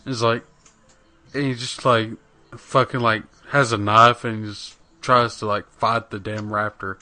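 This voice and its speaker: A man's voice: on the low side, flat delivery, unhurried, bright, forceful tone, dry recording, faint music behind. A man casually chatting on a gaming podcast, rambling with lots of fillers and swearing. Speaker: podcast co-host.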